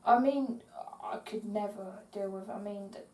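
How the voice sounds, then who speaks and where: A woman co-hosting a podcast in a relaxed, chatty way, with a mellow, warm tone. She sits back from the mic, so she sounds a bit distant. The room gives her voice a noticeable echo, and there's faint background noise. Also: medium pitch, unhurried. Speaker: podcast co-host. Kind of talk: casual chat.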